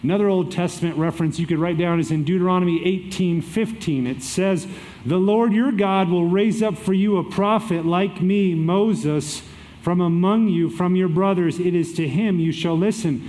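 A man preaching a sermon as pastor, energetic and emphatic, reading and explaining scripture. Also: sits high, moderate pace.

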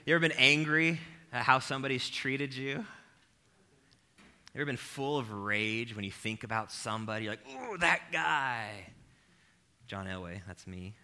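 Male preacher, bright ringing tone, jokey and self-mocking, talks right to the crowd. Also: medium pitch, normal speed, a little hiss or hum. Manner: animated, self-deprecating, addresses the crowd directly. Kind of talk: humorous conversational sermon.

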